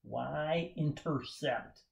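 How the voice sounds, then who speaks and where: A man's voice: fairly high pitch, very slow, creaky. A man teaching chemistry at a whiteboard, enthusiastic and jokey, talking straight to his students. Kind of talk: whiteboard lecture.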